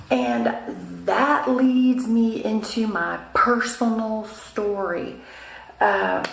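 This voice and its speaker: A woman vlogger giving casual advice and telling a personal story in a chatty, animated way with fillers. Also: mid-range voice, creaky, roomy sound, rough recording.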